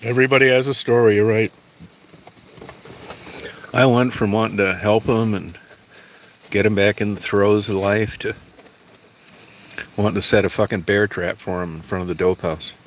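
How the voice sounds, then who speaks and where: A man's voice: fairly low pitch, steady tone, normal speed, pauses often, a little hiss or hum, low-quality recording. A middle-aged man livestreaming, chatting with viewers in a blunt, profane, rambling way. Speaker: livestream host. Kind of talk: casual livestream chat answering viewers.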